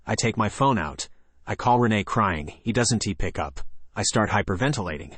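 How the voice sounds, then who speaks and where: Male horror narrator, lower voice, steady scripted read, dry close sound. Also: a little fast, no echo.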